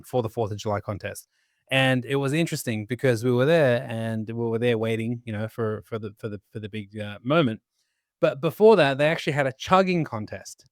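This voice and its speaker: A man co-hosting a podcast, telling an anecdote excitedly with frequent restarts. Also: medium pitch, no echo, clean studio sound. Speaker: podcast co-host. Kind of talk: casual anecdote.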